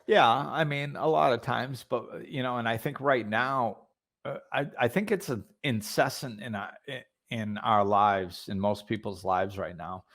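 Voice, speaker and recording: A man's voice: mid-range voice, measured pace, fairly bright tone. A man hosting a podcast, telling a spiritual story in a loose, casual way full of fillers and restarts. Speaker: podcast host.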